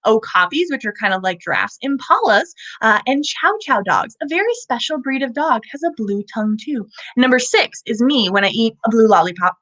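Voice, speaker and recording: A woman hosting a live children's animal show, animated and asking young viewers questions as she presents a lizard. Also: a little high, moderate pace, few pauses.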